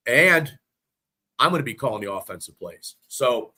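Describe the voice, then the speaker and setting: A man co-hosting a casual sports podcast, talking in an excitable, rambling way and swearing freely. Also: mid-range voice, moderate pace, slightly rough. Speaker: podcast co-host.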